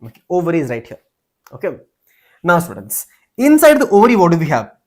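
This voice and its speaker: A man's voice: on the high side, huge pitch swings, fast. A man, teaching an online exam-prep biology lecture, repeating key terms and calling out to students. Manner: repetitive, keeps addressing students, builds mnemonics.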